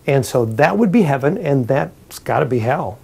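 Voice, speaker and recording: A man's voice: medium pitch, animated, moderate pace, creaky, darkish tone, slightly rough. A priest voicing a humble, honest man who apologizes to the saint at the gate.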